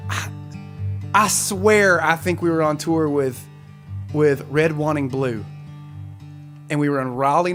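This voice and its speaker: Chatty man with a higher voice. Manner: rambling and chatty, laughs often, talks to viewers. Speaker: musician hosting a weekly live concert stream. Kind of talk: casual live-stream chat.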